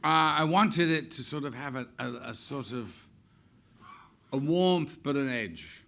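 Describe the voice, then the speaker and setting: A man's voice: medium pitch, animated, unhurried, creaky, bright, forceful tone. An older man, an actor, telling chatty anecdotes on stage with frequent laughs. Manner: chatty, laughs often, acts out quotes.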